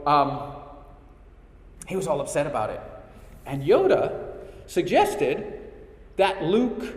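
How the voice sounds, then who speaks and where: A middle-aged man hosting a spiritual talk, telling stories casually with many restarts and fillers. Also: fairly high pitch. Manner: chatty storyteller, frequent restarts and fillers. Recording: echoey hall reverb.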